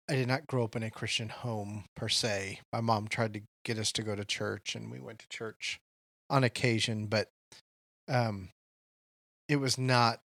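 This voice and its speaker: A man's voice: fairly low pitch, vocal fry, a bit bright, no room sound, studio quality. A man co-hosting a podcast, speaking in an earnest, reflective way in casual discussion. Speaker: podcast co-host.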